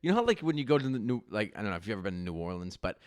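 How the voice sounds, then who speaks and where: A man's voice: fairly low pitch, very animated, smooth, no room sound, clean studio sound. A man hosting a casual podcast over a video call, loose and rambling. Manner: loose, rambling, quick to laugh. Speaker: podcast host. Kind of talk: casual chat.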